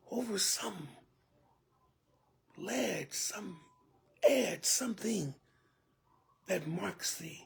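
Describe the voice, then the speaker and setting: A man preaching a sermon as a church elder, telling it vividly and dropping often to a hushed whisper with pleading asides. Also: high voice, gravelly, breathy edge.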